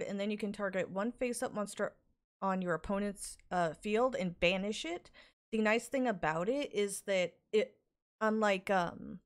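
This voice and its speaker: A woman in casual podcast chat, talking hesitantly with fillers and restarts. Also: medium pitch. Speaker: podcast guest.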